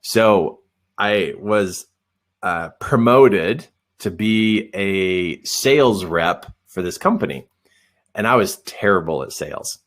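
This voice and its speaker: Guy running a webinar, pitch jumps all over, animated storyteller who pokes fun at himself. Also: slow pace. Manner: animated, self-deprecating, acts out dialogue. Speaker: coach and webinar trainer.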